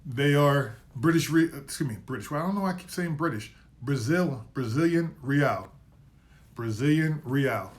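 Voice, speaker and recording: A man's voice: on the high side, expressive, a little fast, few pauses. A man hosting a live market commentary stream, casually going over trades and price levels, often correcting his own slips. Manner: casual, self-correcting, trips over words; recaps trades with repeated levels and calls.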